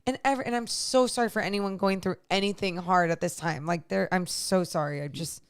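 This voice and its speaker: A woman's voice: on the low side, brisk, clear, resonant tone. A woman co-hosting a sports podcast, tired and close to tears, talking in a rambling, emotional way. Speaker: podcast co-host. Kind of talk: casual chat.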